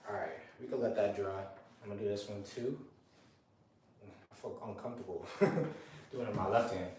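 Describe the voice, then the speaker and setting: A DIY home renovation vlogger paints a small indoor bathroom, chatting casually to himself with slangy asides. His voice is on the low side, a little mellow, at a moderate pace, recorded far from the mic in an echoey small room with background noise.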